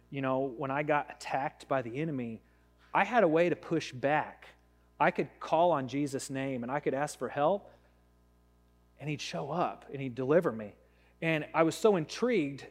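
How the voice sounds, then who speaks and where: A man's voice: mid-range voice, darkish tone. A man in his thirties preaching a casual, storytelling sermon as a pastor. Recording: long hall reverb.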